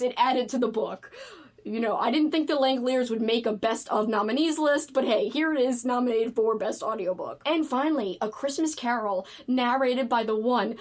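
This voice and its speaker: A woman from the United States chatting casually about books, animated and gushing, with frequent fillers. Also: on the high side. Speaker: book video creator. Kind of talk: casual chat.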